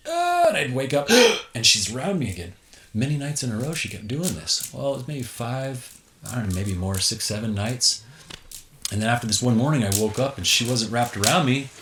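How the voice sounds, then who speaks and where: Animated male storyteller in a roomy space. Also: medium pitch, a little fast. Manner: vivid storyteller, acts out scenes with gasps and exclamations. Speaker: guest. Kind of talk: casual storytelling interview. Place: tipi. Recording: roomy echo, faint noise.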